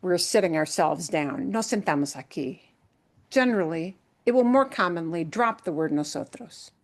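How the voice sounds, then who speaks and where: A woman's voice: lowish voice, animated, moderate pace. A woman Spanish teacher explaining grammar to her class patiently, step by step, with everyday examples.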